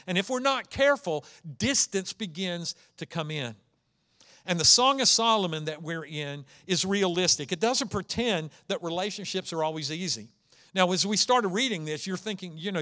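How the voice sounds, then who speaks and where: A man's voice: fairly high pitch, sharp tone. A man preaching a conversational sermon, telling stories and stressing key words. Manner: conversational, storytelling with dynamic emphasis. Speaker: pastor.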